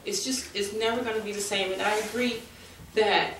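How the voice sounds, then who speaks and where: Middle-aged woman at a forum lectern, earnest and halting, picked up from across a room. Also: medium pitch, steady tone. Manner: earnest, halting, turning forceful. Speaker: bereaved mother speaking at a forum. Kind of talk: public testimony. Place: community meeting room. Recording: echoey room, from far off, faint noise.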